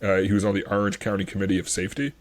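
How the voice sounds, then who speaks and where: A man's voice: lowish voice, little pitch movement, rapid-fire. A man hosting a history podcast, chatting casually and enthusiastically, rambling with many fillers. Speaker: podcast host.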